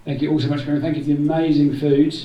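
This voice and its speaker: A man's voice: fairly high pitch, flat delivery, racing, highs cut off. New man thanking a roomful of people. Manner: warm, rambling, jokey asides. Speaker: event organiser giving thanks. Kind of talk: informal thank-you speech. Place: indoor community room. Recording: roomy hall, voice from far off.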